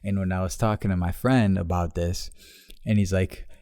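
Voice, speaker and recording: Guy in his 30s, low voice, cussing a lot and laughing thru a podcast story, dry close sound. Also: fairly even intonation, warm tone, no echo. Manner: profane, laughing, fast retelling. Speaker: podcast host. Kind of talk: casual storytelling monologue.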